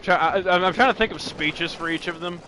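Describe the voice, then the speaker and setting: A man's voice: sits high, fairly quick, noisy background. A young man hosting a gaming channel, chatting casually while he plays, rambling and laughing often as he restarts his sentences. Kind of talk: casual let's-play chat.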